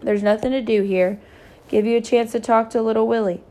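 A woman reading aloud, voicing a gentle father laid up with a broken leg. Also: on the high side, steady tone, fairly quick, natural voice. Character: injured father, gentle, resting.

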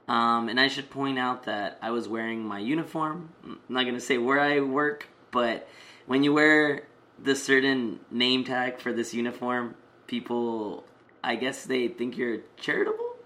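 A man's voice: mid-range voice, lively intonation, normal speed, sharp tone. A man casually telling a personal story, rambling with many fillers and restarts.

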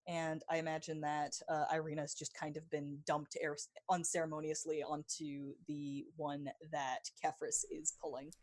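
A woman narrating as game master, with many pauses and fillers. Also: low voice, little pitch movement, darkish tone, dry recording. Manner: halting, many fillers and restarts.

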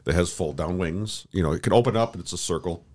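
A man's voice: low-pitched, quick pace, a little mellow. A man co-hosting a podcast, talking in a rambling casual way with many restarts and fillers. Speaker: podcast co-host. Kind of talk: casual chat.

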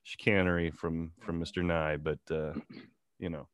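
Joking man with a low voice. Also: little pitch movement, normal speed, smooth, no room sound, studio quality. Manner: joking, wry quips. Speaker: podcast co-host. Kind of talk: casual chat.

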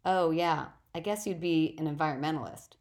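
A woman reading the questioning, sarcastic lines of a teenage boy hero in a storybook, in a low gravelly voice. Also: a little fast, a little mellow. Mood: wry.

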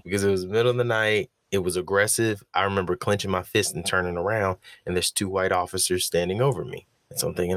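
Low-voiced young male poet, close dry mic, reflective storyteller who slips into quoted voices. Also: brisk, no echo. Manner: animated retelling, acting out quoted voices. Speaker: spoken-word poet explaining his poem. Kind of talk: reflective commentary with personal storytelling.

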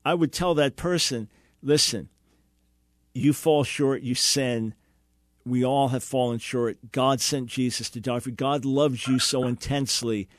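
A man's voice: mid-range voice, measured pace, no echo, clean studio sound. A man hosting a radio call-in show, earnestly explaining and answering a caller's question, sometimes acting out quoted dialogue.

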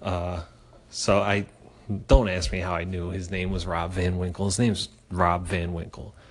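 A man in his forties from the Philadelphia area tells a story from his own life, loose and casual. His voice sits a little low, and he swears freely with plenty of "uh" and "I mean" as he goes. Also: unhurried. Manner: animated and profane, with frequent fillers.

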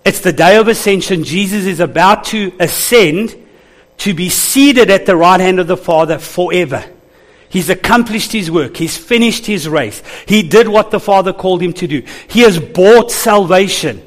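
High-voiced pastor preaching to his church. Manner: calls out to the congregation for responses. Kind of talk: sermon.

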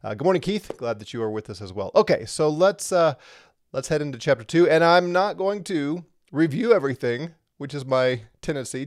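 A man teaching a livestreamed Bible lesson in a conversational, animated way, with frequent fillers and emphatic stresses. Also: medium pitch, clear, resonant tone, dry recording, clean studio sound.

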